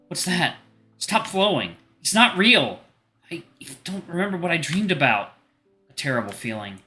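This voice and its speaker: A man voicing an anxious, sensitive teenage boy, reading a visual novel aloud in a slightly halting, earnest way. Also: mid-range voice, pushed and bright.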